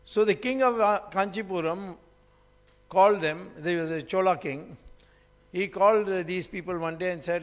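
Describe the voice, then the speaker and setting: A man's voice: sits high, normal speed. A man giving a public lecture, rambling through stories with fillers and restarts. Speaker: public speaker. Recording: hall reverb.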